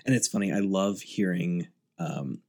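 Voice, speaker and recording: A man co-hosting a film podcast, talking casually and fast with lots of "like" fillers. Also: sits low, darkish tone. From United States. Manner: chatty, fast, many "like" fillers. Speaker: podcast co-host.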